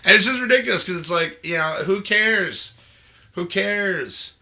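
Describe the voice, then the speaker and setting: A man's voice: high voice, measured pace, vocal fry. A man hosting a podcast, chatting casually and telling rambling, profane stories. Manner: profane, rambling, animated storytelling. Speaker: podcast host. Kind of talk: casual chat.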